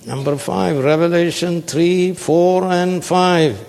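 A man preaches slowly and with emphasis, leaving gaps for his congregation to answer his call-and-response prompts. His voice sits a little high and has a gravelly edge. The sound rings with a long reverb, as in a large hall. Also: fairly even intonation, darkish tone. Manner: call-and-response, prompting the audience with "what, sir?"; slow, emphatic, stretches key words. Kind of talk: sermon.

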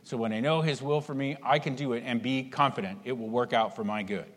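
A man preaching a sermon with emphasis, voicing imagined inner thoughts and swinging between hushed and raised delivery. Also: mid-range voice, brisk. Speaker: pastor. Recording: long hall reverb.

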